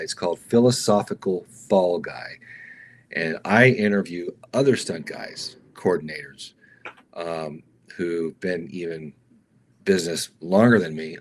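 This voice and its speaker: A middle-aged man, a stuntman guest, telling stories casually with animated energy, slipping into raised voices for other people and calling the host "dude". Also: sits low. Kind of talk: casual storytelling interview.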